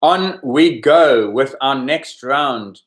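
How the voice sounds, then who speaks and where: A man hosts a sports quiz podcast at a mid-range pitch. He goes over the answers in a relaxed, explanatory way and adds chatty asides. He talks like a quizmaster at a podcast microphone. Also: slow pace. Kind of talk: casual quiz commentary.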